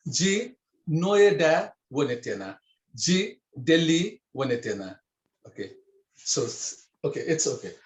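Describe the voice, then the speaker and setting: A man's voice: fairly high pitch, echoey room. A man teaching a language class, patiently explaining and checking in with his students. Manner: patient, repeats and checks with "okay?". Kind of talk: online language lesson.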